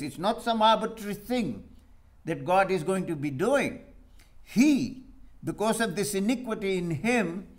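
A man preaching a sermon, reading scripture aloud and putting questions to his listeners. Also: high voice. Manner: reads scripture aloud and asks the congregation questions.

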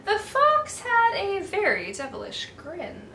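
A woman reading a picture book aloud to children in an animated way, asking her listeners questions as she goes. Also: high voice, takes it slowly. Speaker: children's storyteller. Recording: echoey room, distant mic, faint hiss.

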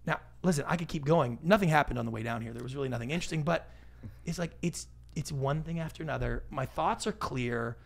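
A middle-aged man talks as a guest on an interview show, his voice sitting a little high with a gravelly edge. He tells stories animatedly and slips into quick quoted voices. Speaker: podcast guest, pitching expert. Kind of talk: casual interview talk.

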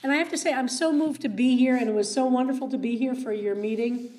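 A woman's voice: sits high, quick pace, darkish tone. A woman rabbi speaking as a guest at a meeting, earnest with wry asides. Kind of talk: public talk. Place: meeting room.

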